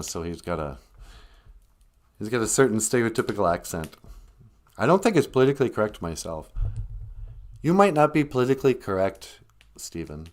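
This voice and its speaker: A man's voice: mid-range voice, darkish tone. A man hosting a casual language livestream, chatting in a rambling, joking way.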